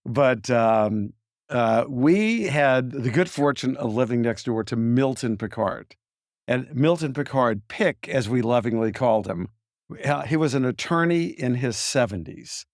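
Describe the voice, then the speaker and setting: A man's voice: mid-range voice, a little slow, dry recording. A man in his sixties from Memphis with a Southern accent, telling stories as a winery owner in a studio interview. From Memphis, Tennessee. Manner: relaxed, reminiscing, easygoing. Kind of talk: storytelling interview answers.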